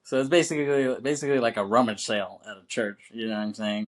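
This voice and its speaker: A man's voice: fairly low pitch, fairly even intonation, fast. A man co-hosting a podcast, retelling a film scene in a loose, profane, chatty way and chuckling as he goes. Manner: loose and profane, full of "you know what I'm saying"; chuckles through his retelling. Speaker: podcast co-host. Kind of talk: casual film recap.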